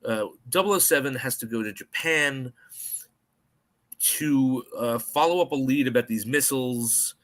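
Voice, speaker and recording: An American man co-hosting a podcast, chatting casually and eagerly about a spy film and slipping into quick mock voices. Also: mid-range voice. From United States. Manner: animated, puts on mock voices in quotes. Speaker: podcast co-host.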